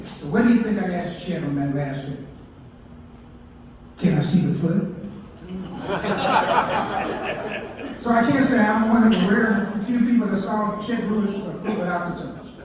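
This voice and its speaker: A man's voice: high voice, fairly quick, hardly any pauses, a little mellow, a little hiss or hum. A man in his sixties, a baseball historian giving a folksy storytelling talk and asking his audience questions. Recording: echoey hall, distant mic, muffled.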